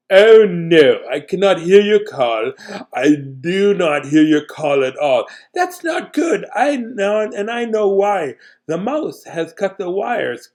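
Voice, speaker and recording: A man playing a caller who shouts hellos into a phone that does not work. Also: high voice, pitched above the performer's own voice, heavily acted. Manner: loud, calling out repeatedly.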